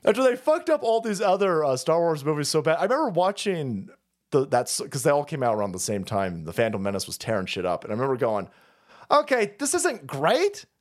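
Foul-mouthed, animated male stream host. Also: on the high side, fast talker. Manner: foul-mouthed, laughs often, mocking. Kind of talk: profane comedic rant commentary.

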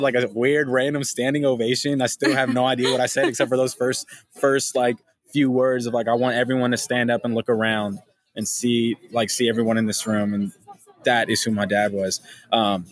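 A young man as a podcast guest, talking in casual conversation with an emotional, halting manner and many restarts. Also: mid-range voice.

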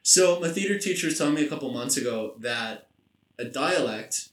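A man's voice: mid-range voice, lively intonation, moderate pace, fairly bright tone, roomy sound, distant mic. A young man co-hosting a casual podcast from a garage, joking, crude and laughing often. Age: young adult. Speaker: podcast co-host.

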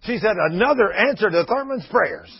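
An older man preaches in a high, husky voice. He tells his stories in a folksy way and acts out the people in them. The sound is dull and lo-fi, like an old radio broadcast. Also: expressive, moderate pace. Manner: folksy storytelling with quoted voices. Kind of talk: sermon.

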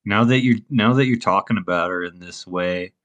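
A young man with a somewhat low voice co-hosts a podcast. He talks in crude, laughing banter and throws in "dude" and "bro" all the time. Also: normal speed, fairly bright tone, dull audio. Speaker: podcast co-host. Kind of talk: casual chat.

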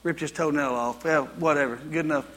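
A man's voice: a little high, brisk, a bit bright, long reverb tail. A man preaching a sermon. He tells folksy personal stories and builds to repeated exhortations. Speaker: pastor.

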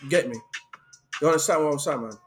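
A man voicing a calm male bartender with a put-on British accent, soothing and firm. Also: on the high side, fast talker, lightly acted. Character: calm adult male bartender calming a drunk. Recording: clear music behind.

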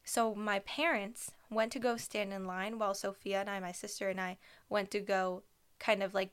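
A young woman hosts her own podcast and tells a personal story in a casual, rambling way. Her voice is smooth and clear, with a gravelly fry at the ends of phrases. She talks excitably and fills her sentences with "like" and "um.". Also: mid-range voice. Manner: chatty, excitable, many fillers. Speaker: podcast host.

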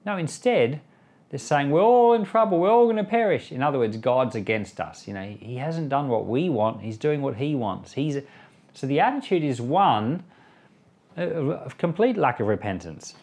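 A man's voice: mid-range voice, big pitch swings, a little slow, a little mellow. A pastor reading scripture and then giving conversational commentary, sometimes acting out the people he quotes. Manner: conversational, acts out quoted voices. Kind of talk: Bible reading with spoken commentary.

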